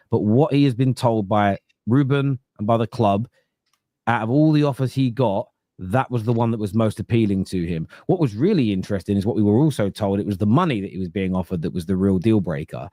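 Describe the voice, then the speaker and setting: A man's voice: lowish voice, dark tone, no room sound, studio quality. A man hosting a casual football podcast, arguing emphatically and stumbling over repeated words as he starts sentences. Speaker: podcast host, fan pundit.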